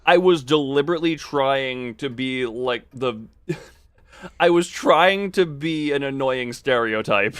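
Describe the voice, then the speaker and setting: A game streamer chatting casually with viewers while playing, laughing often and playing around with the pitch of their voice. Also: animated, a little slow, dry recording. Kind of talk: casual livestream chat while gaming.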